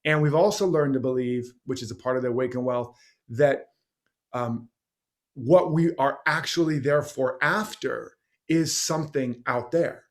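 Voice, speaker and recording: A man's voice: medium pitch, normal speed. A man being interviewed as a guest teacher, talking passionately and rambling through stories and examples. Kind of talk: conversational interview.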